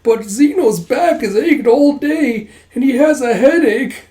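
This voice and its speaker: A man's voice: very high-pitched, lively intonation, a little slow, mellow, reverberant, voice pushed up. A man voicing a boy playing up aches like an old man, whiny and drawn out.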